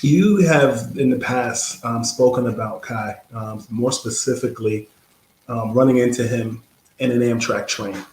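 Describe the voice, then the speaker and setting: A man hosting an interview, asking questions haltingly with many ums. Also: mid-range voice, steady tone, a little mellow, roomy sound, poor audio. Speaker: interview host.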